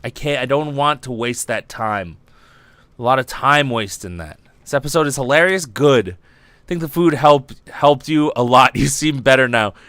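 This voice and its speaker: A man's voice: mid-range voice, bright, forceful tone, dry recording. A young man hosting a casual livestream podcast, rambling and giddy, lightheaded from fumes, swearing freely. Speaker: podcast host.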